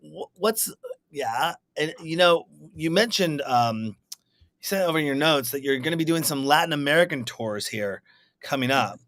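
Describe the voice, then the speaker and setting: A man hosts a casual interview over a video call, posing questions in a relaxed, conversational manner. His voice sits a bit higher than average. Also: normal speed. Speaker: interview host.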